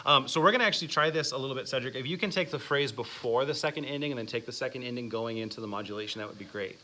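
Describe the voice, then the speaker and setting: Bright-voiced male music teacher. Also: medium pitch, rapid-fire, a little hiss or hum. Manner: encouraging, asks the class questions, counts out exercises. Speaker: music teacher leading a masterclass. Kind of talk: classroom instruction.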